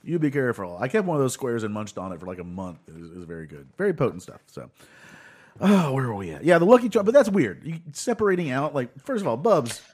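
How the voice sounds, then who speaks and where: A man co-hosting a loose, joking chat. His pitch swings widely as he rambles and swears. He laughs often between thoughts. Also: big pitch swings, quick pace, darkish tone, husky. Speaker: podcast co-host. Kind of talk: casual banter.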